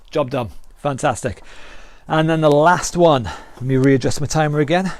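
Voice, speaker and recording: Leading a live online workout, this British instructor speaks at a moderate pace with a voice on the high side, over slight background noise. He encourages everyone with upbeat counting and cues, at times breathless after exercising.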